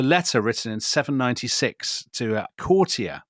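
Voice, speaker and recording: A man's voice: medium pitch, expressive, normal speed, dry recording, clean studio sound. A man with a Yorkshire accent hosting a history podcast and prompting his guest with questions. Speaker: podcast host.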